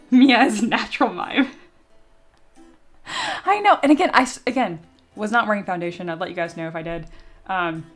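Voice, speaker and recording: A woman's voice: medium pitch, fairly quick, soft background music. Giggly young woman streamer, swearing freely. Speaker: streamer and 3D sculptor. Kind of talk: casual live-stream chat.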